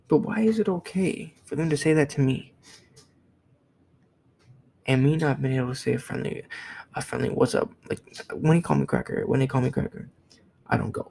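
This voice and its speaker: Very gravelly young man ranting. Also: medium pitch, a little mellow, low-quality recording. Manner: blunt, profane, repeats himself. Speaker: vlogger. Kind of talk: heated opinion rant.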